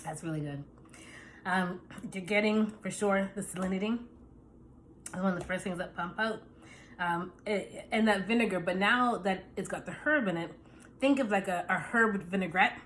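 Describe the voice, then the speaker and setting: A woman's voice: medium pitch, normal speed, a little hiss or hum. Chatty woman tasting and pairing food. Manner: chatty, savoring, relaxed with fillers. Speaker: wine pairing vlogger. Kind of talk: casual tasting talk to camera.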